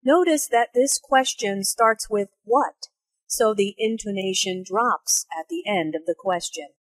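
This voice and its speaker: A woman explaining English phrases and their intonation in a slow, careful teaching voice. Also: slightly rough, dry recording. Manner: slow, careful, with lively pitch for spoken examples. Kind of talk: slow, clearly articulated teaching narration and dialogue.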